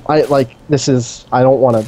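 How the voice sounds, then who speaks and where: A man's voice: medium pitch, fairly even intonation, moderate pace, mellow. A man co-hosting a gaming stream, talking in a casual, enthusiastic, rambling way with lots of fillers. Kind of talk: casual chat. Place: indoor streaming setup.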